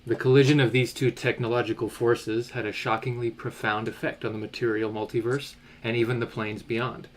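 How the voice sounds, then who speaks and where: Game master man, mid-pitched, narrating a recap of the campaign. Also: flat delivery, brisk, slight background noise. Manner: reads story recap.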